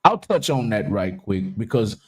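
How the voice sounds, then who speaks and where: A man hosting a casual live-stream talk show, joking loudly, swearing freely and reading viewer comments aloud. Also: fairly low pitch, very animated, moderate pace, slightly rough. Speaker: livestream talk show host.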